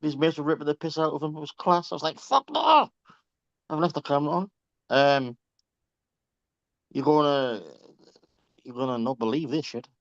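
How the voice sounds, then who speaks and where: This reading group member has a slightly high voice with fairly even intonation, talking a little fast but leaving long pauses. Chatty and profane, he laughs through casual stories on the group call. There's no room sound, and the lo-fi audio is dry and a bit dull.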